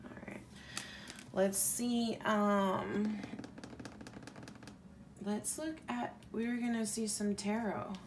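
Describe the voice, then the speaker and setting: Slow-talking woman giving a tarot reading. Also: medium pitch, fairly even intonation, background noise. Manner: casual, rambling, heavy use of "like". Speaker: tarot reader. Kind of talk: pick-a-pile tarot reading.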